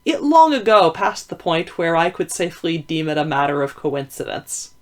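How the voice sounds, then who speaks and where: Woman reader doing a calm, probing Victorian gentleman detective, lower and quieter than her own voice, measured and formal, storybook reading. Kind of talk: audiobook reading.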